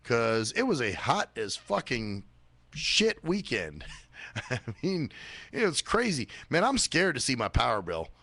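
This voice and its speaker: A man's voice: huge pitch swings, measured pace, pushed and bright, no room sound. A man hosting a small radio show, rambling and swearing a lot in a casual monologue. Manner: rambling, swears a lot, mimics others in high voices.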